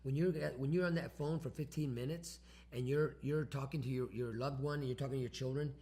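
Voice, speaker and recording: A man co-hosting a talk show, quick and animated, acting out everyday phone calls. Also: medium pitch, husky. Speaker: co-host. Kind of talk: casual co-hosted talk.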